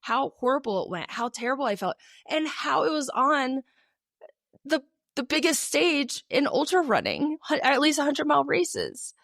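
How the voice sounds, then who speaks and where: A woman's voice: high voice, very animated, moderate pace, vocal fry, a bit bright, dry recording, studio quality. A young adult woman co-hosting a podcast, telling a personal story in a casual, chatty way with many fillers. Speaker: podcast co-host.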